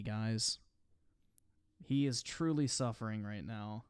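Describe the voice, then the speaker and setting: A man's voice: medium pitch, steady tone, a little slow, darkish tone, clear, resonant tone, no echo, clean studio sound. A man doing casual livestream commentary on clips, mocking and sarcastic, swearing freely while reading out chat donations. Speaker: streamer reacting to clips.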